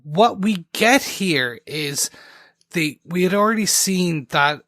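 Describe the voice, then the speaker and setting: A man's voice: high voice, animated, takes it slowly, a bit bright, dry recording, studio quality. A man hosting a TV recap podcast in casual chat, talking eagerly and jumping between points with many restarts. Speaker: podcast host.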